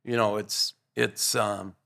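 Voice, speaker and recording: Older male guest, gravelly voice, earnest, rambling anecdotes with restarts. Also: on the low side, level tone, slow pace, pushed and bright. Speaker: guest, former pro hockey player. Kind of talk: casual interview storytelling.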